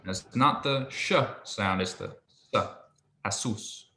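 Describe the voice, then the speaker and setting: A patient male teacher walks his student through a language lesson, explaining slowly and repeating sounds. His voice sits low but bright, and it rings in an echoey room. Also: gravelly, a little hiss or hum. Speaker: Hebrew teacher.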